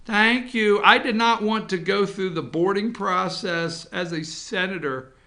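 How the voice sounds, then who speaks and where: A man putting on the voice of a pampered woman senator, shrill and whining in a mocking impression. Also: a little slow, pushed and bright, heavily acted. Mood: prim.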